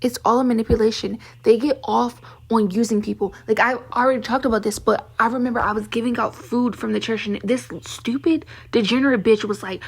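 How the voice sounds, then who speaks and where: Husky young woman ranting. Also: a little high, steady tone, a little fast. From Baltimore, Maryland. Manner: heated, profane, venting. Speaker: vlogger. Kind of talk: ranting monologue to camera.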